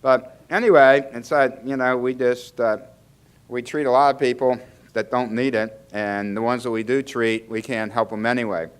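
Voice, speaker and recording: A man's voice: medium pitch, steady tone, moderate pace, smooth. A man giving a conversational medical lecture, chatty and often restarting his sentences, asking the audience questions. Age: older. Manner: chatty, self-interrupting, asks the audience questions. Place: lecture hall.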